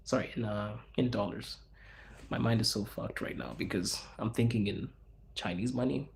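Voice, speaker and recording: A man from Zimbabwe hosting a casual livestream, chatting loosely with viewers and answering their questions in a relaxed, slangy, rambling way. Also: fairly low pitch, normal speed, gravelly, a little hiss or hum. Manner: relaxed, slangy, rambling with fillers and self-corrections. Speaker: livestream host.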